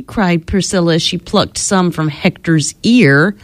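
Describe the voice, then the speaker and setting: A woman radio host reading a children's storybook aloud in a studio with an expressive delivery, then appealing to listeners. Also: lowish voice, unhurried, few pauses, no echo.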